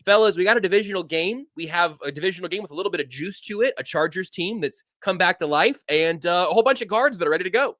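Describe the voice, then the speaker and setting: A man hosting a sports podcast, talking quickly with wry, excitable jokes. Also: high voice, no echo, clean studio sound. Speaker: podcast host. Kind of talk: fast, joking sports podcast chat.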